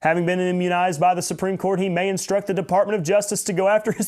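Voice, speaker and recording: A podcast host with a voice a bit higher than most men, reading news aloud and cutting in with sarcastic, mocking remarks. He stumbles and restarts often, repeating words as he goes. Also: level tone, fast, hardly any pauses, darkish tone. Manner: sarcastic, mocking asides with laughs.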